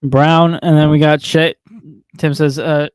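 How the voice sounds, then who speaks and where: A man's voice: a little high, flat delivery, a little slow, clean tone, no room sound. Young guy co-hosting a sports pod, chill and jokey, keeps things moving, dry close mic. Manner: upbeat, steers the show, jokey. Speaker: podcast co-host. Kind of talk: casual sports chat.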